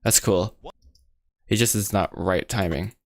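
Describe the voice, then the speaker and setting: A man's voice: low-pitched, a little slow, no room sound. A young man from the United States chatting casually on a livestream while he animates, rambling, joking at his own expense and sounding out mouth shapes. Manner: rambling, self-mocking, excitable, says bro and guys a lot.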